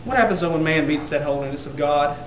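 A man's voice: on the high side, fast talker, noisy background. Emphatic preacher man in an echoey room. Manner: building to loud emphatic peaks on repeated words. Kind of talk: sermon. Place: church sanctuary.

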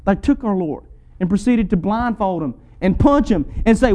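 High-voiced male preacher, mellow tone. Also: big pitch swings, moderate pace. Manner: rhetorical, repeated questions with rising and falling intensity. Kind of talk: sermon.

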